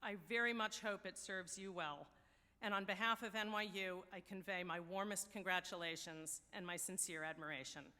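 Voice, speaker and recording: American woman, university official, podium speech, bright voice, long hall reverb. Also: medium pitch, fairly even intonation. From United States. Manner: wry, anecdotal, measured. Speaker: university deputy provost. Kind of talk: ceremonial address. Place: large ceremony hall.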